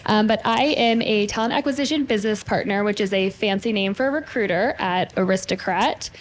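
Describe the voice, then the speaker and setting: A woman's voice: medium pitch, a little fast, a little hiss or hum. A young adult woman from Las Vegas, a recruiter, introducing herself on a panel in a friendly, earnest way. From Las Vegas, USA. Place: conference room.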